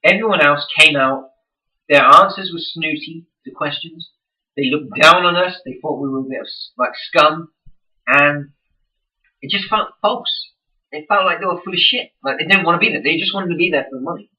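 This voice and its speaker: A man's voice: fairly high pitch, normal speed, distant mic, muffled recording. A young man in a casual vlog, ranting with heavy swearing and exasperation. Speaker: vlogger.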